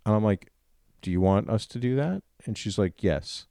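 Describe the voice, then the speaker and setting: Lage mannenstem, rauwe anekdotes, droog. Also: male voice, lowish voice, normal speed, no room sound, studio quality. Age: adult father. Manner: animated, profane anecdote-telling with quoted dialogue. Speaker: podcast host. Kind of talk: casual storytelling chat.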